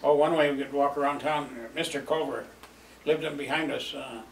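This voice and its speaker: An older man with a gravelly voice rambles through old memories, chuckling between lines and filling pauses. He sits some way from the mic in a roomy space with a faint hum of ambience. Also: on the high side, fairly even intonation, recorded from a distance. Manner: rambling, chuckling, lots of fillers. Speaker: storyteller. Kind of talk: reminiscing oral history.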